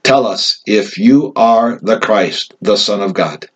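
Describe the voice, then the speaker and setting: A man reading the lines of a stern high priest in a scripture reading, demanding and raised. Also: slow pace, slightly rough. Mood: accusing.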